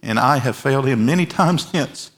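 A man's voice: medium pitch, animated, moderate pace. Pastor, male, 40s, mid-range voice; earnest, emphatic sermon delivery in a large church. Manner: earnest, emphatic preaching with quiet, softened endings. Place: large church with overflow rooms.

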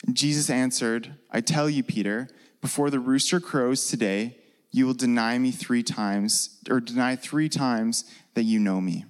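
A man preaching a sermon in a relaxed, conversational way, with frequent fillers. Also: mid-range voice, a little slow, big-room sound. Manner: casual, conversational, with many fillers.

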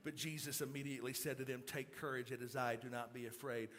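Man preaching with bright, rising intensity. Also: medium pitch, fast talker, slight background noise. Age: middle-aged. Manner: builds to loud excited preaching. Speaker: pastor. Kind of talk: sermon.

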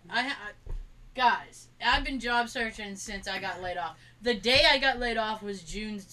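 A woman co-hosting a podcast in loose, casual chat. Her voice sits slightly high, and she tells rambling personal stories, laughing often as she acts out what people said. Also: pushed and bright, recorded from a distance, low-quality recording. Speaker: podcast co-host.

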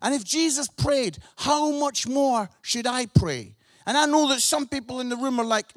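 A Scottish preacher with a strikingly high voice delivers a lively sermon to his congregation, animated and emphatic, and keeps checking in with his listeners. He speaks at normal speed, and the recording is close and dry, with hardly any room around it.

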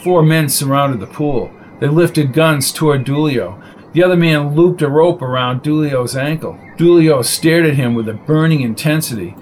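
A man reading a crime novel aloud in a steady storytelling voice. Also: on the high side, moderate pace, a little hiss or hum, rough recording. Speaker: narrator. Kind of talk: audiobook reading.

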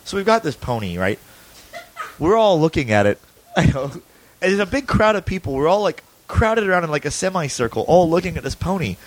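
On his podcast, a man with a voice on the high side tells a long story briskly and very animatedly. He's casual and foul-mouthed, laughing often and frequently restarting what he's saying.

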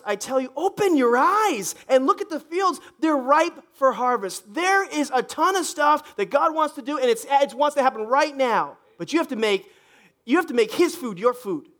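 High-voiced animated preaching pastor. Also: male voice, moderate pace. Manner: animated, joking, acts out congregants' voices. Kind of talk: sermon. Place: church stage.

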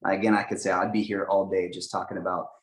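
A man's voice: low voice, level tone, fast, roomy sound, poor audio. A young adult man from the United States, telling an emotional faith story with lots of fillers. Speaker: guest missionary. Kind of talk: storytelling testimony.

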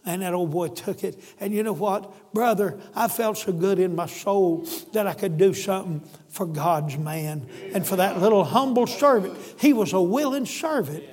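An older man preaches with a drawl in a high, folksy voice, swinging from fervent shouts down to quiet pleading. His sermon rings out with a long reverb, as if filling a church hall. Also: normal speed, hardly any pauses, husky. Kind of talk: storytelling sermon.

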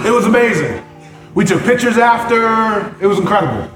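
A man preaching, telling a story with lively swings from loud exclamations to quiet prayer. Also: very high-pitched, normal speed. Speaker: pastor. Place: church sanctuary. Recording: echoey church hall with music behind.

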